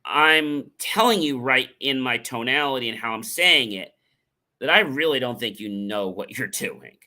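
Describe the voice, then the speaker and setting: A man, middle-aged, hosts a motivational talk show in a sharp, ringing voice. He talks with energy and repeats key phrases for emphasis. He sometimes slips into acted examples of different tones of voice. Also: mid-range voice, animated, measured pace. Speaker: show host.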